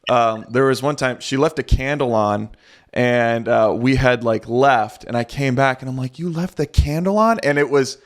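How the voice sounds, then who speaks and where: Twenties male host, casual storyteller, middle-pitched, easygoing filler-heavy delivery. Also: steady tone, moderate pace. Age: 20s. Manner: chatty storytelling with many fillers. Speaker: podcast host. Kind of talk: casual podcast conversation.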